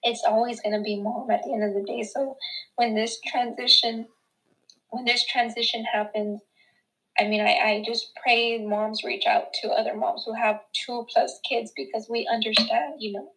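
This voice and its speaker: A young woman guest in a casual chat, talking in an emotional, halting way with many fillers. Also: a little high, little pitch movement, fairly bright tone, rough recording. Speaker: podcast guest.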